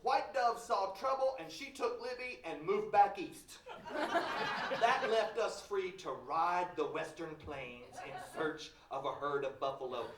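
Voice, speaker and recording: A man's voice: high voice, slow pace, background noise. A man from Kentucky, telling a story live in a folksy, wry way, heard in a large hall from a distance. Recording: roomy hall from far off.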